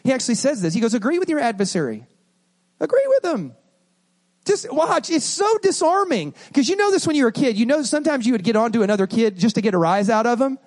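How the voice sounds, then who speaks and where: Male pastor, high-pitched, lively conversational sermon delivery, acts out quick scenes.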